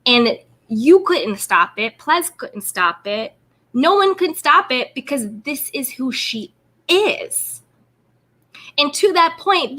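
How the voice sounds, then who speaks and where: Bright, emphatic woman host. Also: sits high. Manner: emphatic, repetitive, fills with "like". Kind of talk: casual commentary and interview.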